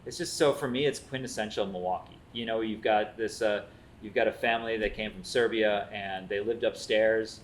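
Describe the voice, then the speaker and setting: A man's voice: fairly low pitch, moderate pace, a little hiss or hum. A man, hosting a food show and telling stories in casual chat, acting out the quotes as he goes. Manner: animated storyteller, acts out quotes.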